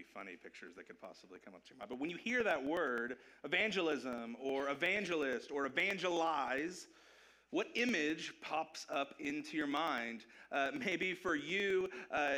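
A man preaching a casual, joking sermon as pastor of his church. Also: mid-range voice. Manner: animated, joking, conversational.

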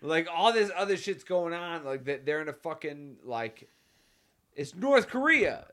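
A man's voice: fairly high pitch, sing-song, a little slow, a bit bright. A man co-hosting a podcast, chatting casually in a laid-back, profane, rambling way. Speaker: podcast co-host. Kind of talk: casual chat.

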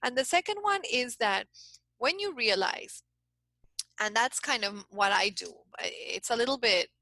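A woman's voice: on the high side, unhurried, no room sound, rough recording. A middle-aged woman coach telling a story in a casual interview, talking in bursts with frequent restarts. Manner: animated storyteller, many restarts. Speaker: guest coach.

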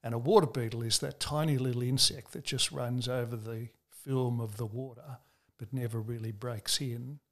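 Aussie preacher guy being interviewed, earnest, slows down to hammer points home. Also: medium pitch, fairly even intonation. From Australia. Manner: measured, earnest storytelling with slow emphatic stresses. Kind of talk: interview answers.

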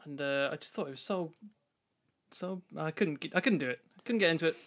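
A man's voice: on the high side, brisk, fairly bright tone. A man with a Geordie accent co-hosting a casual podcast, laid-back and easily amused. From Newcastle, England. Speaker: podcast co-host. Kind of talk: casual chat.

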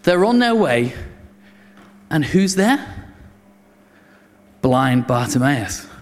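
A man's voice: mid-range voice, very animated, very slow. A man preaching a sermon, telling the story with many restarts and acting out the voices of the crowd. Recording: long reverb of a hall.

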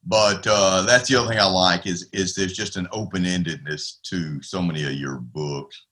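A man's voice: deep voice, fairly even intonation, normal speed, sharp tone. A man hosting an interview, asking easygoing questions. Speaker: interview host. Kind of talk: casual interview.

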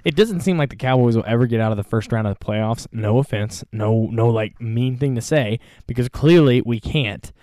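A man hosting a casual football recap, joking and animated, with big swings in his voice. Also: medium pitch, moderate pace, few pauses, dry recording, clean studio sound. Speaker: sports show host.

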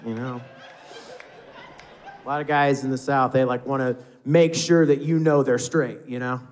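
A man's voice: medium pitch, steady tone, normal speed, a faint crowd. An American man performing a stand-up comedy set on a live club stage, rambling loosely and acting out voices.

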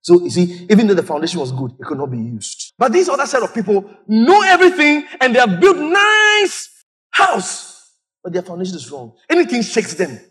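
A man preaching a lively sermon as pastor, acting out church members with sudden high shouts. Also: moderate pace. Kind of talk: lively sermon with acted-out stories.

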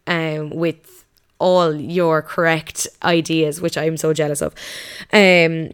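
A young woman speaks in a candid, confiding monologue, blunt and unafraid to swear. Her voice sits a little low and comes across smooth and clear.

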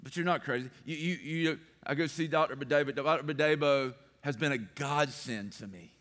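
Pastor preaching with hall reverb. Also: male voice, a little high, moderate pace, fairly bright tone. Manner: earnest and personal, builds to rising emphatic repetition. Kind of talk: sermon. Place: church sanctuary.

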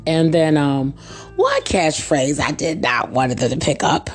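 A young woman hosting her own podcast, chatting casually and laughing often, her voice a little hoarse from allergies. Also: sits low, moderate pace, over music. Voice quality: slightly rough voice. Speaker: podcast host. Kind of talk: casual storytelling monologue.

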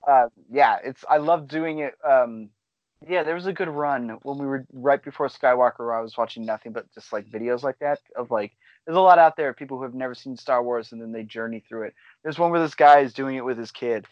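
Animated man telling stories, dry dull sound. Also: medium pitch, fairly quick, no echo. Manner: animated storyteller, acts out quotes. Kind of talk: casual chat.

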